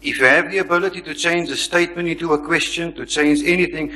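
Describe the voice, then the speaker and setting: Firm insistent chairman, bright edge, echoey lecture hall. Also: fairly high pitch, fairly even intonation, quick pace. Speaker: event chairman. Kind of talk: chairing a public Q&A. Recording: long hall reverb.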